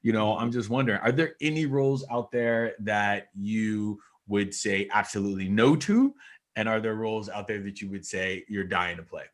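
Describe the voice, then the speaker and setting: A man hosting a podcast as an acting coach, talking in an animated, coaching way and laughing often. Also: on the low side, normal speed. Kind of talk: casual interview.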